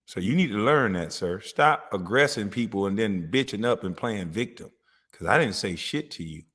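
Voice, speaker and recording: A man's voice: fairly low pitch, lively intonation, moderate pace, fairly bright tone, big-room sound. A man hosting a livestream, talking back in a profane, fiery, confrontational way. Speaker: show host. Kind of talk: heated livestream talk.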